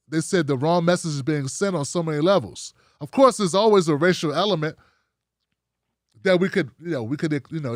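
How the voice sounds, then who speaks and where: A man's voice: sits high, no echo, clean studio sound. A man hosting a livestream, giving frank, rambling commentary straight to his viewers. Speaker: show host.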